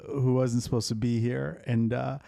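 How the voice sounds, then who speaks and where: A man's voice: mid-range voice, level tone, normal speed, creaky, mellow, no echo, studio quality. A man hosting a podcast, telling blunt, profane stories in casual chat. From Chicago area. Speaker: podcast host.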